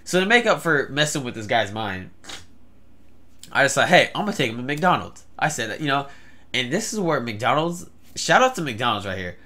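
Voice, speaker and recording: A man's voice: medium pitch, very animated, moderate pace, sharp tone. A young man telling a story in a rambling vlog, with many fillers and stammered restarts. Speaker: vlogger.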